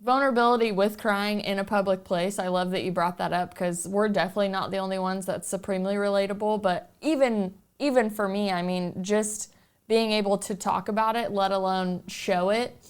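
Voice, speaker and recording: A woman with a smooth, clear voice hosts a relaxed conversation. She talks candidly and openly, slipping into quotes of her own inner thoughts as she goes. Her pitch sits in an ordinary middle range. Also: brisk. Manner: open, candid, talks through feelings with self-quoting asides. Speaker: podcast host. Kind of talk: casual conversational chat.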